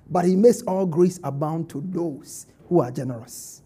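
A man's voice: on the high side, moderate pace, hardly any pauses, dark tone, slightly rough. A middle-aged male pastor preaching a sermon in a church, emphatic and drawing call-and-response from the congregation.

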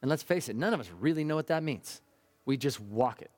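A male pastor preaching with fervent, emphatic conviction. His voice sits at an ordinary middle pitch, and he drives hard on his key phrases. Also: animated, fairly quick, a little mellow, faint music behind. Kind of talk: sermon.

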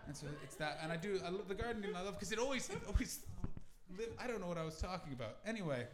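A Canadian man performing a stand-up comedy set in a club, animated and slipping into mocking character voices. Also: high-pitched, fast talker. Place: comedy club with a live audience. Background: audience laughter.

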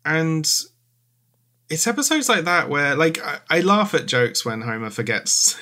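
A man's voice: on the high side, big pitch swings, measured pace, bright, forceful tone. A man co-hosting a podcast in casual chat, speaking hesitantly with many ums and frequent laughs. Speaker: podcast co-host.

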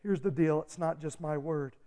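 High-voiced pastor, urgent and pleading. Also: male voice, normal speed. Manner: urgent, swings from hushed to loud and pleading. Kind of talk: sermon.

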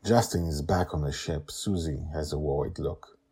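A man with a deep, husky voice narrates a serialized story podcast. He reads with lively emphasis, then chats to listeners as host. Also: moderate pace.

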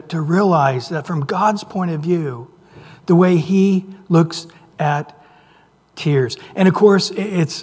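A man preaching a sermon, dropping to near whispers and rising to loud emphasis, drawing out scripture slowly. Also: high-pitched. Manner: reads scripture aloud with slow, drawn-out phrases. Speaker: pastor. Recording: long reverb of a large hall.

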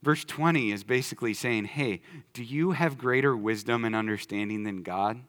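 A male pastor giving a sermon in a church, talking in a conversational way that swings from quiet, low emphasis to loud excitement. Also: moderate pace. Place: church sanctuary.

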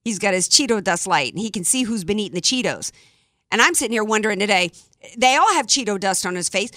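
A woman talk radio host rants with emphatic indignation, throwing in sarcastic jabs and tripping over her words as she builds steam. Her voice has a sharp, forceful edge. The sound is close and dry. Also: medium pitch, lively intonation, fast talker, no room sound. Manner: stumbling restarts when fired up. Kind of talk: opinionated talk radio monologue.

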